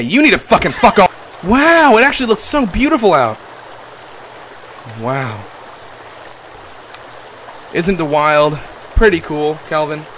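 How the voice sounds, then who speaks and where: A young man giving comedic gameplay commentary, playful and crude, swinging from mock-tender talk to yelling and swearing. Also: fairly high pitch, slight background noise. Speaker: gaming YouTuber.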